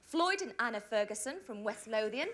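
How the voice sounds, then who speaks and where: A woman co-hosting a TV quiz show, briskly announcing the contestants. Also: on the high side, animated, a bit bright. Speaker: game show co-host. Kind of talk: introducing contestants. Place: TV studio.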